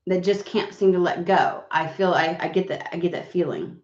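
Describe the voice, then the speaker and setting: Woman, low voice, sniffly, rambling tarot chat, dull lo-fi roomy recording. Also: normal speed, darkish tone. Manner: rambling, swearing, many fillers. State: recovering voice, sniffly. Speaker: tarot reader. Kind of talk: casual chat and card reading.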